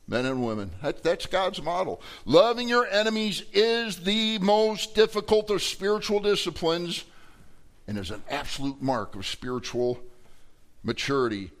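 A man's voice: high voice, expressive, moderate pace, a bit bright. A man preaching a sermon to his congregation, conversational and joking, acting out arguing voices with big swings in emphasis. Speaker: pastor.

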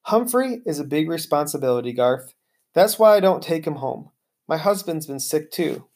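A reader doing a measured, firm teacher. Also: medium pitch, animated, a little mellow. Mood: earnest. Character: calm, stern older woman teacher.

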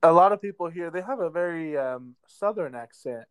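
A man co-hosting a casual podcast, laid-back and drawn-out, with many ums. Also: fairly high pitch, animated, smooth. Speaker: podcast co-host. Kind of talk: casual chat. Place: lives in a southern US metro area.

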